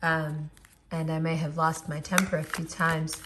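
A woman with a hoarse, partly lost voice giving a casual tarot reading, talking conversationally and asking her listeners rhetorical questions. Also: low voice, flat delivery, unhurried, background noise. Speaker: tarot reader.

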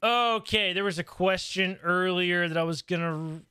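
Excitable podcast guy, bright voice, kinda high, dry close sound, says like a lot. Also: moderate pace, smooth, no echo. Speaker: podcast co-host. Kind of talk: casual chat.

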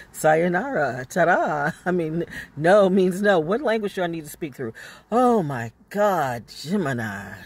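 A man's voice: on the high side, big pitch swings, measured pace, breathy edge. Rambling, blunt man talking in a car. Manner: rambling, blunt, swears freely, laughs. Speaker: spiritual vlogger. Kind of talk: rambling casual monologue. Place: inside a car.

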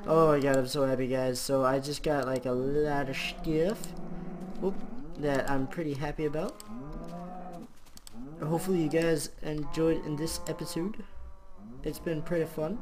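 A man giving casual let's-play commentary while gaming, excitable, often exclaiming and swearing, with frequent laughter. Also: on the high side. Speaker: gaming video host. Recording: clear background noise.

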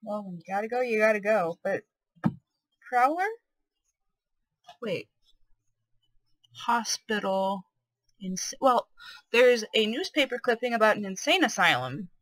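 A woman's voice: medium pitch, animated, measured pace, long pauses, fairly bright tone, dry recording, low-quality recording. A woman giving gameplay commentary, curious and speculating aloud as she plays. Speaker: let's play host.

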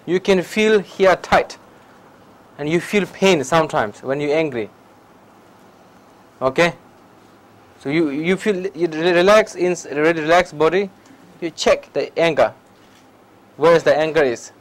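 A man with a high voice teaches meditation at a public talk. He speaks simple, broken English in short repeated phrases and often checks with his listeners. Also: a little slow, long pauses, poor audio. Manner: questions the listeners directly.

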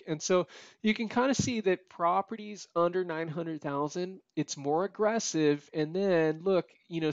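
A man's voice: on the high side, no echo, highs cut off. Tired man walking through a spreadsheet. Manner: conversational, frequent "okay?" and "you know" asides. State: tired, yawning. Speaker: real estate appraiser teaching a data tutorial. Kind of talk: casual screen-share walkthrough.

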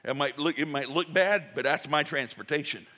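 Speaking at normal speed in a slightly high, pushed and bright voice, a male pastor preaches in a folksy, chatty style and performs small quotations. The sound carries the reverb of the church sanctuary he's in.

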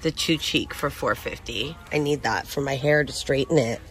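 A woman's voice: rumbling low, moderate pace, breathy edge. A woman narrating a casual shopping walkthrough, chatting as she reads out prices and product labels. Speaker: shopping vlogger. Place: inside a large retail store.

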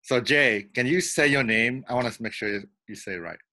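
A man's voice: medium pitch, brisk, sharp tone. A man hosting a casual interview over a video call, upbeat and asking loose questions. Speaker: interview host.

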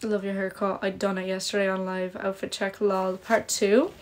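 A young woman, born to Polish parents and living in Ireland, chats casually on a phone livestream, reading comments and fretting in a chatty, self-conscious way with lots of "like." Her mid-range voice stays fairly flat in pitch and moves at a normal speed. The phone camera mic picks up slight background noise.

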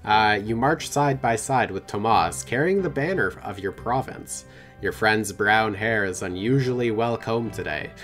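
A man hosts a game play-through, narrating the story text and tossing in casual jokes between passages, playful and quick to laugh. His voice sits on the low side, expressive and a bit bright, with soft music in the background.

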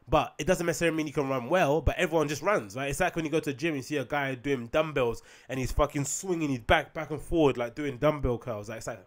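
A man hosting a solo podcast, rambling casually with frequent ums, swearing and rhetorical asides. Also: on the high side. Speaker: podcast host.

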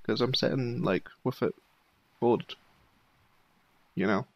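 A man's voice: mid-range voice, takes it slowly, lo-fi sound. A man hosting a let's play, muttering laid-back asides and casual swearing while he plays at home. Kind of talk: gameplay commentary.

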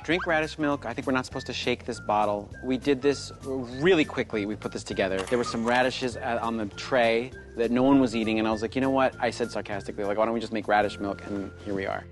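A man's voice: mid-range voice, fast, hardly any pauses, over music, natural voice. An actor playing a bumbling, self-important milk board spokesman who rambles and boasts in a sketch comedy. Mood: rambling. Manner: rambling, half-hearted, boastful.

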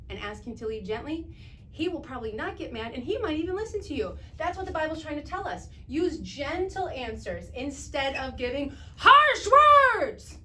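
A bubbly young woman teaching a children's Bible lesson with a high, lively voice that leaps all over the place. She exercises as she speaks, bursting into song and shouts. A faint hiss sits under her voice. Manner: bubbly, exaggerated, sings and shouts, talks fast. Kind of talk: energetic kids' Bible lesson to camera.

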